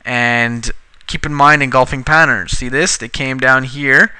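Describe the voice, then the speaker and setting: In a screen-recorded trading tutorial, a male instructor explains things in a loose, chatty way with a very bright, crisp, mid-range voice and a steady tone. The sound is close and dry with no room around it. He grows short-tempered and curses now and then at his sluggish computer.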